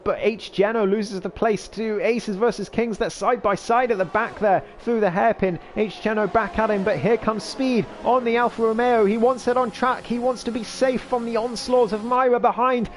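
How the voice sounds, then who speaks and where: A man calling a race live as commentator, talking in a rapid, excitable way while he is losing his voice. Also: sits high, a little hiss or hum. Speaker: sim racing commentator.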